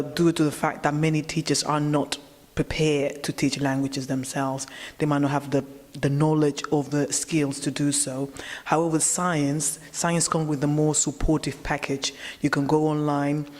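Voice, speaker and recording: A woman's voice: deep voice, a little mellow, big-room sound. A young woman from Spain, a language teacher answering interview questions earnestly, often repeating words as she searches for them. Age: young adult.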